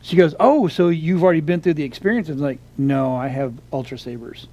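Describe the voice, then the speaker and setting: A middle-aged man co-hosting a relaxed chat, his voice sitting a little high. He rambles through stories, restarting sentences and reaching for words as he goes. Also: fairly quick, muffled recording. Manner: rambling storyteller, many restarts and fillers. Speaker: podcast co-host. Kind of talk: casual chat.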